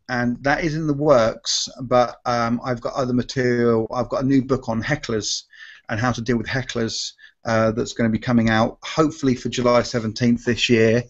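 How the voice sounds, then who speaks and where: Rambling man, dull lo-fi audio. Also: mid-range voice. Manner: rambling, self-correcting, acts out quoted voices. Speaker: restaurant magician and comedy performer. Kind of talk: casual live Q&A storytelling.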